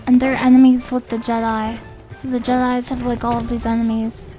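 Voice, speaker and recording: A woman streaming a game, chatting casually and musing aloud, often trailing off into quiet mumbles. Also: a little high, flat delivery, fairly quick. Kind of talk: casual live-stream commentary. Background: game music.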